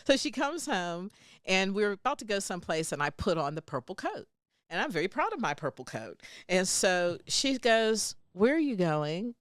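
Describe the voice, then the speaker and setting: A woman's voice: medium pitch, normal speed, dry recording, clean studio sound. A middle-aged woman, a podcast host, in a casual interview, telling a story with lots of laughter and acted-out dialogue. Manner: animated, laughs often, acts out quoted dialogue.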